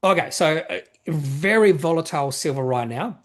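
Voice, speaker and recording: A man hosting an investing channel reads viewer questions and offers casual market commentary. His voice is on the high side and expressive at a normal pace, and he rambles, corrects himself, and uses plenty of fillers.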